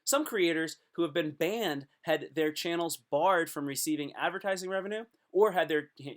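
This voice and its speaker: A man live-streaming comedy, rambling and joking, often repeating himself. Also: fairly high pitch.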